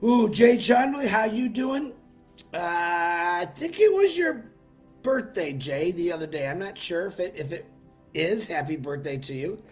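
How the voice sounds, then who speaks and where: A man's voice: high-pitched, very animated, unhurried, soft background music. A man hosting a live stream, chatting casually and greeting viewers by name with upbeat bursts, his voice worn from a long weekend. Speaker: livestream host.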